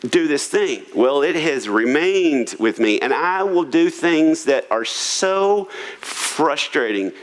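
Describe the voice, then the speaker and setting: Male pastor, sermon, slightly high voice, animated pitch, joking, conversational. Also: slow, rough recording. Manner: humorous, conversational, self-deprecating. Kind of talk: sermon on marriage. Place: church auditorium.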